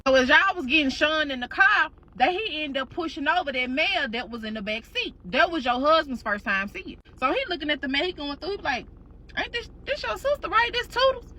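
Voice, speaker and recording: A woman spins a dramatic story with slang, swearing and lively energy. Her voice sits high and sounds sharp and bright. The delivery is loose and chatty. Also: brisk, few pauses. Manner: slangy, animated, profane. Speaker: storytime host. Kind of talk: casual storytelling.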